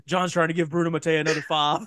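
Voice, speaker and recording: A man co-hosting a casual podcast chat, excitable and profane. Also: on the high side, quick pace, slight background noise. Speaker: podcast co-host. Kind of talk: casual chat about cult horror films.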